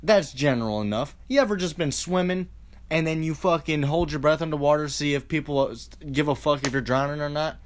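A man's voice: on the high side, fairly quick. Man in a profane rambling rant. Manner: profane, rambling, with frequent restarts and rhetorical questions. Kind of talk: casual ranting monologue.

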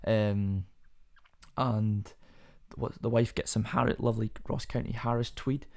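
A man's voice: medium pitch, steady tone, a little slow, gravelly, darkish tone. A young man hosting a casual solo podcast, rambling and self-deprecating with many fillers and restarts, his voice sometimes cracking. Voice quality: voice cracks at times. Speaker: podcast host.

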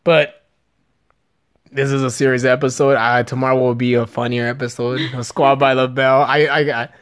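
A man's voice: mid-range voice, flat delivery, normal speed, clear, resonant tone. A man in his twenties talks casually as a podcast host. His speech is loose and rambling, packed with fillers and swearing. He has a Californian accent. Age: 20s. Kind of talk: casual chat.

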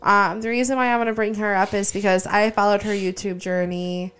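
A woman's voice: mid-range voice, little pitch movement, brisk, a bit bright, clean tone. A woman co-hosting a podcast, chatting casually and enthusiastically. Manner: enthusiastic, hypes up her co-host. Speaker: podcast co-host. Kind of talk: casual chat.

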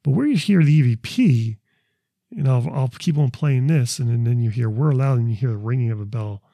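A man's voice: mid-range voice, lively intonation, a little fast, dark tone. A man who investigates the paranormal, talking casually through his recordings, rambling and repeating words as he restarts his sentences. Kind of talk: casual explanatory talk.

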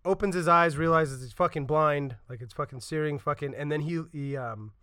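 A man co-hosting a podcast talks in a casual, swearing-heavy chat, acting out lines from scenes he describes. His voice is bright and forceful and sits a little high. The sound is close and dry, with no room around it. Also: moderate pace, no echo. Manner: profane, animated retelling with acted-out quotes. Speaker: podcast co-host.

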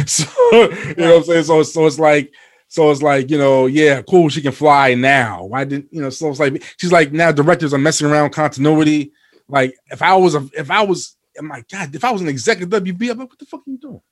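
A man co-hosting a casual podcast chat, rambling with many fillers and restarts, and getting animated and profane when worked up. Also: on the high side, fairly quick. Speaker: podcast co-host.

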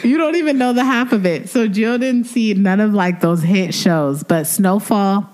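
A woman co-hosting a podcast in casual chat, animated and quick to laugh as she gushes. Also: mid-range voice. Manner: animated, laughs often, gushes about favorite shows. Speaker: podcast co-host.

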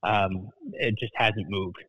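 A man who is a market analyst guest, speaking in a plainspoken, measured way with folksy turns of phrase. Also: on the low side, fairly even intonation, bright, forceful tone, husky, no echo, rough recording. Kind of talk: casual market talk.

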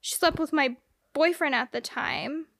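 A young woman telling a long personal story in casual chat, animated, saying "like" a lot and swearing freely. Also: sits high, measured pace, no echo, clean studio sound.

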